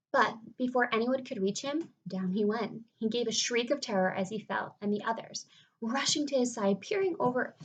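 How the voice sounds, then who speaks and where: Lady reading a kids book out loud, expressive, some faint room noise. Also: fairly high pitch, poor audio. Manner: expressive, storytelling, slips into a hush. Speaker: reader. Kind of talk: reading a children's book aloud.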